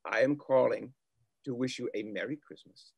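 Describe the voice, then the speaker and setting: A man's voice: medium pitch, moderate pace, gravelly, breathy edge, no room sound, lo-fi sound. A man playing a reformed old miser, heartfelt and wry, in an amateur online play. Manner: heartfelt, wry, self-deprecating. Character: reformed old male miser, now tender and repentant.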